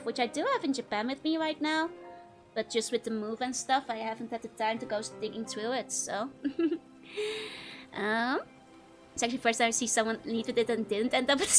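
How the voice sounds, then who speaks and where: A woman's voice: fairly high pitch, fairly bright tone. A young woman streamer chatting casually with viewers, giggling often between phrases.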